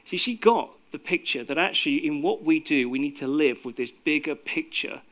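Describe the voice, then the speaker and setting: A man telling a story to an audience, with hesitant fillers, dropping soft for suspense. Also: a little high, lively intonation, normal speed. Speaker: speaker. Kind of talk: storytelling talk.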